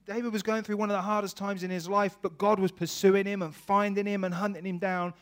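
A man preaching a sermon, tearful and emotional, swinging from hushed to loud. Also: sits high, little pitch movement, a little fast.

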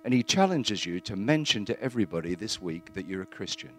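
A man's voice: fairly low pitch, big pitch swings. Earnest man giving church testimony. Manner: earnest, plain-spoken, halting with fillers.

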